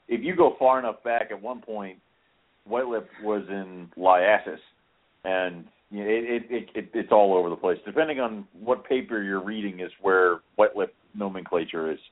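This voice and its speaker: A man co-hosting a podcast in casual chat, rambling and self-deprecating, with casual swearing. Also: lowish voice. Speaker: podcast co-host. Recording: tinny phone-like audio.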